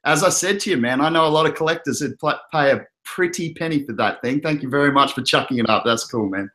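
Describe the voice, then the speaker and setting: A man's voice: on the high side, quick pace, sharp tone. Easygoing Australian man hosting. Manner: easygoing, rambling, with frequent fillers and restarts. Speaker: host. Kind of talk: casual chat.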